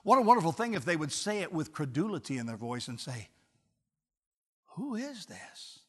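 A male pastor delivers a sermon in a high-pitched voice that carries through a church sanctuary. His words ring out with a long, lingering reverb. He presses his points with passion and gradually softens into quiet tenderness. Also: very animated, fast talker, slightly rough. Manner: impassioned, then softening to a hushed close.

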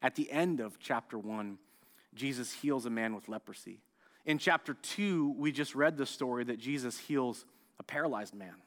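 A male pastor from the United States preaching a sermon, telling the story with animated, acted-out outbursts. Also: medium pitch, moderate pace. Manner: animated storytelling, acts out scenes, loud excited outbursts.

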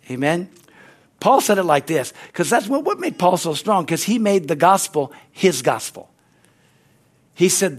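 A male pastor preaching a sermon with lots of energy, often calling out "Amen?" and restarting his sentences. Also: on the high side. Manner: restarts and repeated words.

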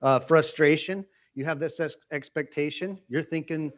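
A man's voice: on the high side, moderate pace. A man preaching a conversational sermon to a small group, repeating phrases and acting out quoted voices. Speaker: pastor.

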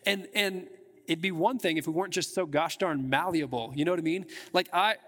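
A man's voice: a little high, brisk, a bit bright. A man preaching a sermon to his church in a casual, chatty way, with frequent restarts and filler words. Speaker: pastor. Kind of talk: conversational sermon. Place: church sanctuary. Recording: long hall reverb in a church.

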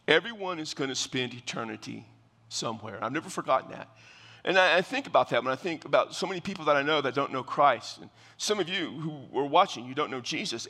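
A man's voice: on the high side, sharp tone. A man preaching a sermon as pastor, earnest and emphatic, often repeating his phrases. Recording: long reverb of a large hall.

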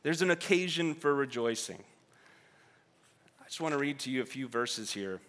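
A man preaching a sermon with fervor, swinging from quiet reflection to loud exhortation and often repeating words as he thinks. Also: mid-range voice, animated, moderate pace. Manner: fervent, swings from quiet to shouting. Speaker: pastor.

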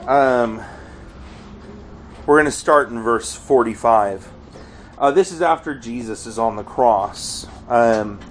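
A man preaching a sermon, earnest, often crying out quoted pleas loudly. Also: medium pitch, slight background noise, low-quality recording. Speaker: pastor.

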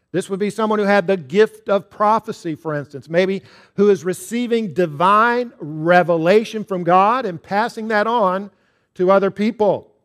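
Casting note: male pastor, higher-pitched voice, preaching a Sunday sermon with a light comic touch. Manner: preaching with humor and a told joke.

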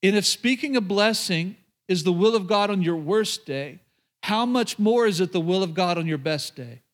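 High-voiced joking pastor preaching. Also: male voice. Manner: lively and joking, with quick asides to the congregation. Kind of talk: sermon. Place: church before a live congregation.

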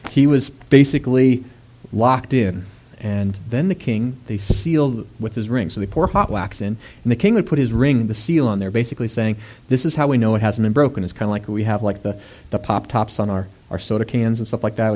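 A man's voice: fairly low pitch, darkish tone. A man preaching a sermon in a conversational way, with fillers and asides, often rising to a raised, emphatic voice.

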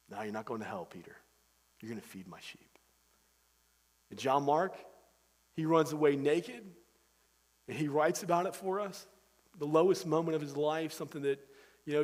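A man preaching a sermon, moving between loud emphatic stretches and hushed, intense passages. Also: fairly high pitch. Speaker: pastor. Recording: long hall reverb.

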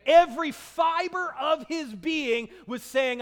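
A male preacher with a strikingly high voice, delivering an impassioned sermon that swings between shouted declarations and hushed, weighty phrases. He takes his time, letting the words stretch out slowly. The sound rings through a large hall with a long reverb tail. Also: expressive.

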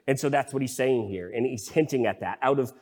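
A man's voice: mid-range voice, animated, normal speed. Male pastor, casual teaching in a hall. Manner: casual teaching with many fillers and restarts. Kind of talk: sermon.

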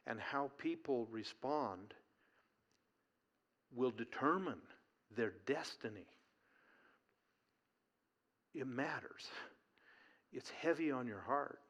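A man's voice: medium pitch, animated, takes it slowly, pauses often, a bit bright. A male pastor preaching an earnest, folksy sermon during a church service.

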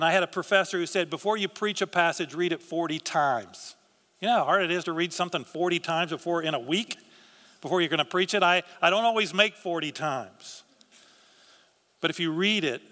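A pastor preaches a sermon in church, his forceful, bright voice sitting slightly higher than the typical man's. Earnest and conversational, he frequently restarts what he's saying, and his words hang in the long reverb of a big hall.

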